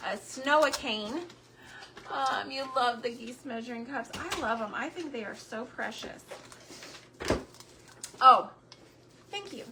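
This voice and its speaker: A middle-aged woman chatting casually on a homemaking livestream, searching for words between fillers, her throat a bit hoarse. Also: a little high, takes it slowly, long pauses, background noise. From Texas. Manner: chatty, warm Southern drawl with frequent fillers and word searches.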